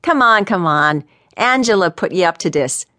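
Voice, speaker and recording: A woman voicing a gruff, irritable male private investigator in his sixties with a New Orleans accent. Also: on the low side, expressive, moderate pace, sharp tone, dry recording, clean studio sound.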